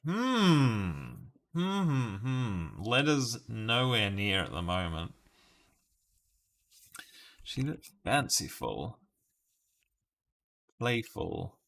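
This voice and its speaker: A man's voice: lowish voice, creaky, a bit bright. An Australian man in casual live-stream chat, playfully musing through guesses and laughing often with his viewers. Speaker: streamer solving word puzzles live.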